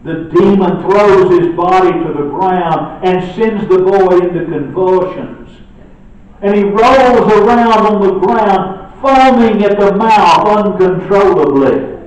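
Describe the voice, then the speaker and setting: A preacher delivers a slow, deliberate sermon, rising to loud emphatic peaks and then dropping to a hush. His slightly high voice sits far from the mic in a very echoey church sanctuary. The sound is dull, with a faint hiss underneath. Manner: dramatic shifts between loud emphatic and quiet hushed delivery.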